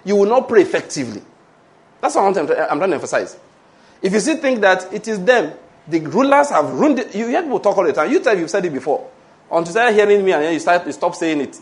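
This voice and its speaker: Here a man with a high voice and a Nigerian English accent preaches fast. The pastor animates his sermon with rhetorical questions and invites the congregation to answer with amen.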